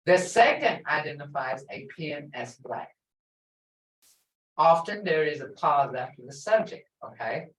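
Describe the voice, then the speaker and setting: A woman's voice: sits low, expressive, unhurried. An older woman teaching a language lesson, stretching out example words for emphasis. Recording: echoey room, voice far from mic.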